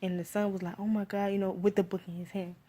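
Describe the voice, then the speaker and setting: A woman with a Miami accent gives a casual spoken movie review. She rambles loosely, fills her talk with "like" and "you feel me", and gets animated when she retells scenes. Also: medium pitch, quick pace.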